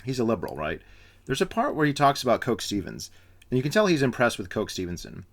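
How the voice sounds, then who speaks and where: A man's voice: mid-range voice, wildly swooping pitch, fast talker, a bit bright. A man giving a casual spoken book review, rambling with frequent fillers and restarts.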